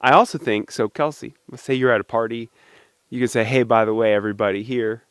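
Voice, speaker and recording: A man's voice: mid-range voice, fairly even intonation, brisk, smooth, dry recording, studio quality. A young man hosting a casual video, talking playfully and chatting to his supporters. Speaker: video host. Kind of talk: casual talk to camera.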